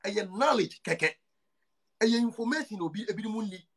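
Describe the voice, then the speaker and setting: A man's voice: high voice, expressive, moderate pace, creaky, a bit bright, breathy edge. A man with a Ghanaian accent hosting a casual podcast chat, emphatic and repeating his points as he switches between languages. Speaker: show host.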